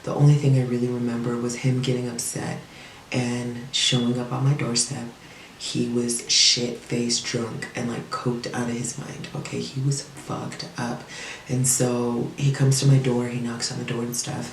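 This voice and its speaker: Gravelly woman, candid profane storyteller. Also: extremely low pitch, little pitch movement, normal speed, slight background noise. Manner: candid, profane, chatty with many fillers. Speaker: vlogger telling a personal story. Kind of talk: casual storytime monologue. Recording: echoey room, mic at a distance.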